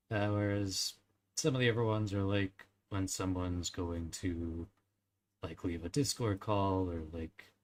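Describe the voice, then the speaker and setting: A man's voice: deep voice, slight background noise. A young man streaming and chatting casually with his viewers, rambling with frequent fillers, small laughs and little verbal-tic sounds. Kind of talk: casual chat with live chat.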